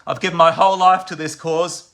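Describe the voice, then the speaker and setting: A man's voice: a little high, steady tone, fairly quick, a bit bright. An Australian man delivering an impassioned, accusatory monologue to camera as a campaigner, often breaking off and restarting words. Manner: accusatory, repeatedly addressing his target as "mate".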